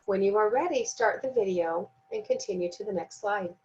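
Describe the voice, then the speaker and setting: A woman giving a recorded training lesson, speaking slowly and deliberately and sounding out words syllable by syllable. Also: mid-range voice, a little mellow, muffled recording. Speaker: teacher trainer.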